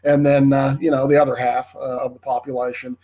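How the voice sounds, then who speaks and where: A man's voice: medium pitch, level tone, brisk, lo-fi sound. A man with a congested, nasal voice teaching a history class in a rambling lecture, full of fillers. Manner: rambling, filler-heavy, addresses class as folks. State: congested, voice cracking.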